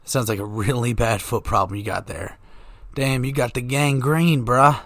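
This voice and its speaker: A man's voice: mid-range voice, steady tone, normal speed, fairly bright tone, no room sound, clean studio sound. A man, hosting a podcast in a joking, profane monologue that keeps going off on tangents. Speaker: podcast host. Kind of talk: rambling comedic monologue.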